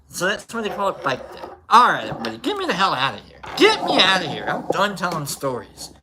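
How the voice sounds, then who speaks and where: A man's voice: sits high, huge pitch swings, quick pace, few pauses, sharp tone. A man hosting a livestream who tells a rambling, casual story, swearing freely and restarting his sentences often. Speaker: livestream host.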